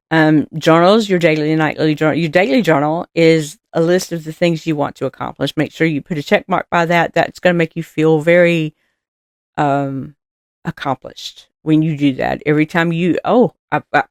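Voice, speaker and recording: A woman's voice: deep voice, dry recording, clean studio sound. A woman giving casual motivational talk as a vlogger, chatty and rambling with fillers, earnest and encouraging. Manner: encouraging and earnest, laughing at herself.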